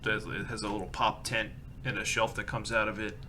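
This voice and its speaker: Male game master, casual descriptive narration, very bright tense tone. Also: lowish voice, little pitch movement, a little fast, slight background noise.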